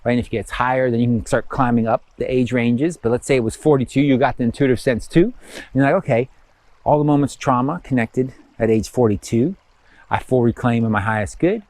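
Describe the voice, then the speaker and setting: A man giving casual guided instruction as a spiritual teacher, rambling with many fillers and slowing down for affirmations. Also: mid-range voice, darkish tone, no echo.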